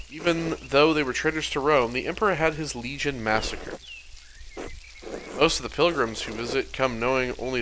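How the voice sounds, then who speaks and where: A man's voice: medium pitch, noisy background, lightly acted. A man voicing a pious male monk who keeps a shrine, telling a saint's tale solemnly in a Southern US accent. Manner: solemn storytelling, slipping accent.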